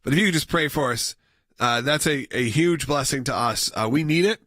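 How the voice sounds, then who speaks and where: A man's voice: mid-range voice, brisk, a bit bright, dry recording, clean studio sound. A man hosting a call-in radio show, earnest and appreciative as he takes callers.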